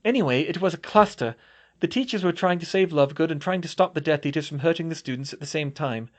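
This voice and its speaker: In an audiobook, a man voices a young woman student who is blunt and cold, telling things flatly and matter-of-factly. He pitches the voice a bit above a typical man's and keeps it natural, speaking at a quick pace.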